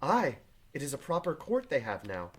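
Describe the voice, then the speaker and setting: A man voicing Elizabeth Proctor, a reserved farm wife, read quietly and plainly from a play. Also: medium pitch, huge pitch swings, normal speed. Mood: guarded. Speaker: teacher reading a play aloud. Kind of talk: reading play aloud to a class.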